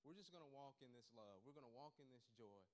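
A man's voice: medium pitch, lively intonation, fast, darkish tone. A man, a pastor, delivering an informal sermon testimony, talking conversationally with many fillers and restarts.

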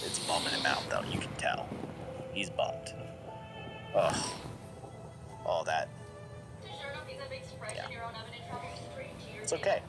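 A man giving lively, jokey commentary while playing a video game, reacting aloud and laughing often. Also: low voice, slow pace, creaky, pauses often. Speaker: gameplay commentator. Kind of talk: let's play commentary. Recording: game music playing behind. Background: game music.

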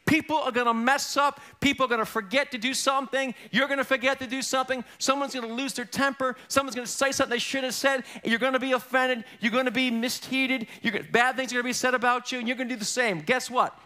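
A middle-aged male pastor delivering a sermon, high-pitched for a man and bright in tone. He preaches in an animated, joking way, swinging from loud punchlines to quiet asides and tossing in quick character impressions.

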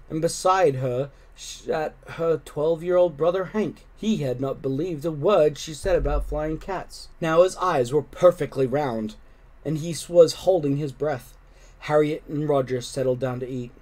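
A man reading a children's storybook aloud with gentle, expressive narration. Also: a little high, measured pace. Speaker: storybook reader. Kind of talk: children's book read-aloud.

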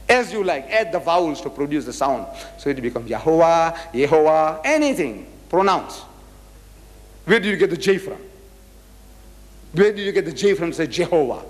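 A man from Africa, giving a religious public lecture in an emphatic, rhetorical way that drives each point home with repeated questions. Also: a little high. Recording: reverberant lecture hall recording.

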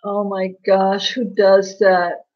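A woman's voice: medium pitch, flat delivery, slow, darkish tone. A woman hosting a casual livestream, chatting in a gossipy, laughing way and answering viewers' comments by name. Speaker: livestream host. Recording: dull lo-fi livestream audio.

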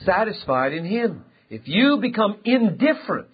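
A male pastor preaching a sermon, emphatic and impassioned, swinging between loud and quiet. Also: sits high, big pitch swings, normal speed, slightly rough. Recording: dull lo-fi sound.

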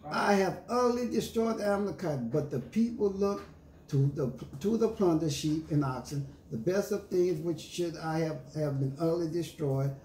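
A man's voice: on the high side, normal speed, a little mellow, slight background noise. Preaching man in an echoey church. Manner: preaching with scripture reading and call-and-response; emphatic, paraphrases scripture in casual slang. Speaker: pastor. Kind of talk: sermon. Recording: echoey room with faint ambience.

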